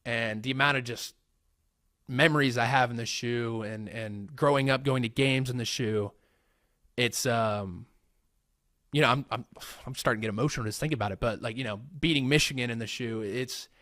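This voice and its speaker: A man's voice: mid-range voice, moderate pace, a bit bright, dry recording. Young american guy answering fan questions, laid back and rambly, dry close mic. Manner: easygoing, rambling with fillers and restarts. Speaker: host. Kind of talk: casual Q&A vlog.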